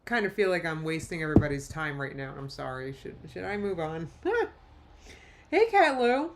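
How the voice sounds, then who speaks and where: Reacting live to videos, a female host rambles chattily, reads chat comments out loud, and laughs a lot. Her low-pitched voice is very animated and moves at normal speed, with a little hiss or hum in the recording.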